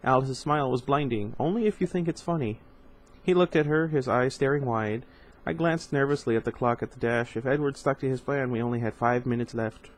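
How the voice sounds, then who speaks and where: A man's voice: medium pitch, brisk, few pauses, poor audio. A man reading a novel aloud in an informal way, with casual asides and stumbles over hard words. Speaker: reader.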